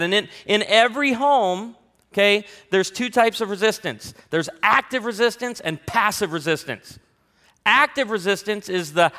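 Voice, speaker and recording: Pastor guy preaching, kinda high voice, gets loud acting out his stories. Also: moderate pace, in a large hall. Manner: animated, bursts into loud acted quotes. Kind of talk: sermon with humorous family stories.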